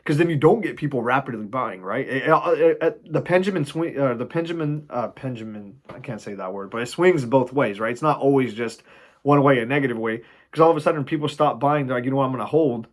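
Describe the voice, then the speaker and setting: A man casually explaining stock shorting, animated, swearing freely and acting out panicked traders. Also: medium pitch, fairly quick. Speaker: investing video host.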